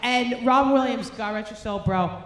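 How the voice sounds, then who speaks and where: A woman's voice: a little high, moderate pace, fairly bright tone. A woman, doing a brash, profane, ranting stand-up set while hungover. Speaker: stand-up comedian. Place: comedy club stage. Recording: roomy club sound, faint noise.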